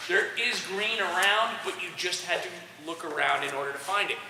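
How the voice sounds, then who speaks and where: A man coaching young soccer players, giving an energetic, direct motivational talk to a group and checking in with frequent "okay"s. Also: sits high, moderate pace. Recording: roomy echo, distant mic, faint noise.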